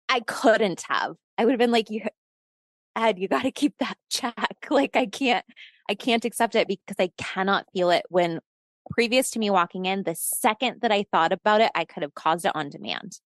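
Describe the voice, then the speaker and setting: A woman's voice: mid-range voice, a little fast, dry recording, studio quality. A woman guest telling a personal story in casual conversation, acting out the dialogue, swearing and laughing as she goes. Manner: animated storyteller who acts out quoted dialogue. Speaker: podcast guest.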